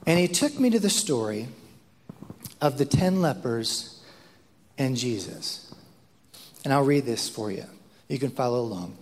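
A man preaching a sermon, telling a story with lively acted-out quotes and frequent repeated words. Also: medium pitch, measured pace, long pauses, slight background noise. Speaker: pastor. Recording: long hall reverb.

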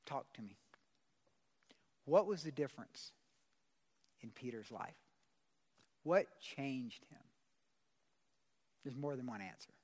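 A man's voice: medium pitch, lively intonation, takes it slowly, long pauses, a little mellow. A man pastor preaching a sermon in a church service. He talks casually, uses slang and puts questions to the congregation. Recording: long hall reverb.

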